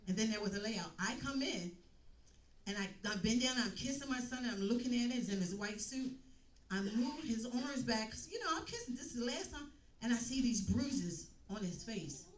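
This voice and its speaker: A woman with a slightly high voice gives an emotional church testimony, repeating phrases as she tells her story. She is heard from some distance in an echoey church hall. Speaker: testimony speaker. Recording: echoey room, mic at a distance.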